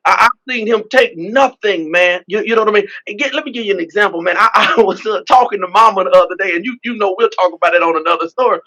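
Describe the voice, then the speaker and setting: High, bright-voiced pastor. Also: male voice, fast, hardly any pauses, rough recording. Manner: emphatic, repetitive preacher cadence, frequent "man". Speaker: pastor and politician, interview guest. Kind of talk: testimonial storytelling.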